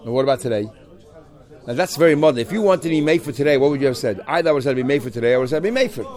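A man teaching a Talmud class, talking through the text in an animated, questioning way and mixing in Hebrew terms. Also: medium pitch, racing.

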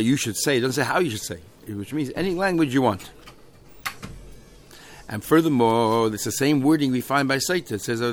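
A man's voice: on the low side, a little hiss or hum. Man explaining a Talmud text. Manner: reads Aramaic phrases then translates them, with many fillers. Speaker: Talmud teacher.

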